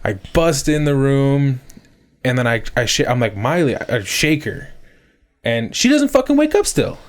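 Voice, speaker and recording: A man, a podcast co-host in his thirties, telling a story in casual chat, swearing a lot and getting loud as it builds. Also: mid-range voice, moderate pace. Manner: animated storyteller, swears often, rising to shouts.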